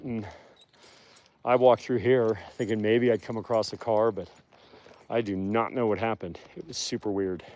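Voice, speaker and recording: A man's voice: on the low side, fairly even intonation, a little fast, mellow. A man live-streaming from the woods at night on a handheld phone, telling a long story in a rambling way full of fillers. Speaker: live-streaming wolf keeper. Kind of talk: casual live stream chat. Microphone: phone held while walking.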